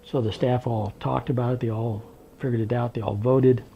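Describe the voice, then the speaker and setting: Older man, oral history interviewee, gravelly voice, brings quoted dialogue to life; muffled lo-fi tape. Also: medium pitch, moderate pace, a little hiss or hum. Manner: animated storyteller, acting out quoted dialogue. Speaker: interviewee recounting his work history. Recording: dull lo-fi recording.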